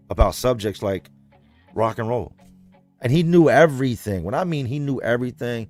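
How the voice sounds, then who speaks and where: A man hosting a livestream, telling a story to his viewers in a blunt, profane, conversational way. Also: on the low side. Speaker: livestream host reading comments.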